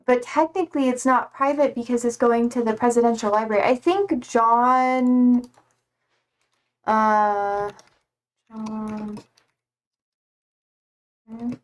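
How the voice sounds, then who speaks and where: A tired young woman livestreamer chatting casually, reading out viewer comments with lots of fillers and a slightly hoarse voice. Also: on the high side, slow, pauses often. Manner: rambling, hesitant, many fillers and swear words.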